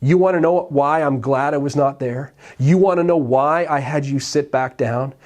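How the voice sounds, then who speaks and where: Man preaching an animated sermon. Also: fairly high pitch, normal speed. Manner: animated storytelling, acts out dialogue. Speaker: pastor. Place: church sanctuary.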